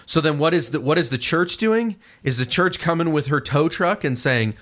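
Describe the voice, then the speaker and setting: A man co-hosting a casual conversation, telling stories in an animated way. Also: a little high, normal speed, hardly any pauses. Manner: animated storyteller, acts out quoted voices.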